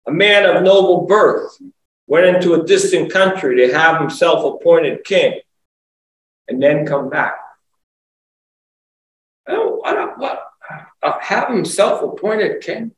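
A man's voice: high voice, big pitch swings, slow pace, pauses often, slight background noise. A man preaching a conversational sermon, asking rhetorical questions and rising to emphatic exclamations. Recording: echoey room, voice from far off, faint ambience.

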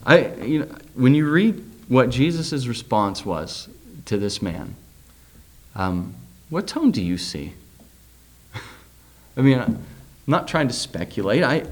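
A man's voice: mid-range voice, big pitch swings. Man, middle-aged, preacher, sermon, scripture reading, conversational asides, rhetorical questions. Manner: reads scripture aloud, then talks loosely with pauses, fillers and rhetorical questions.

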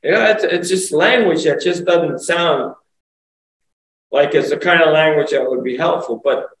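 A man's voice: a little high, normal speed, fairly bright tone, a little hiss or hum. A man preaching a conversational sermon, asking rhetorical questions and rising to emphatic exclamations. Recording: echoey room, voice from far off, faint ambience.

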